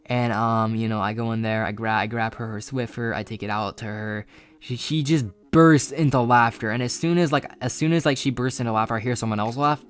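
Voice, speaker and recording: Fast-talking young man telling a story. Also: mid-range voice, clean tone. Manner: rambling, profane, filler-heavy. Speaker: storyteller vlogger. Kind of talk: casual storytime monologue.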